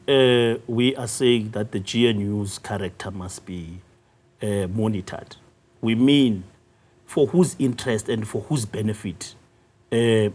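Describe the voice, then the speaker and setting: South african guy in a news interview, husky voice, pushes hard, keeps clearing his throat. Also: darkish tone. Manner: assertive, rises in pitch when pressing a point, frequent throat clearing. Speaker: youth league secretary general, interview guest. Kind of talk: political interview, argumentative.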